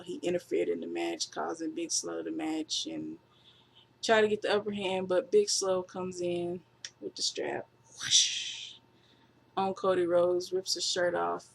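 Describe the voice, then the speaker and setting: Gravel-voiced casual wrestling reviewer. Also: mid-range voice, a little hiss or hum. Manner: rambling, offhand, with fillers and laughs. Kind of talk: casual spoken recap.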